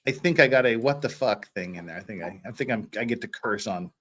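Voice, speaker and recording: A man's voice: fairly low pitch, expressive, quick pace, a bit bright, slight background noise. A man hosting a casual livestream chat, rambling and stammering, swearing casually. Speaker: host.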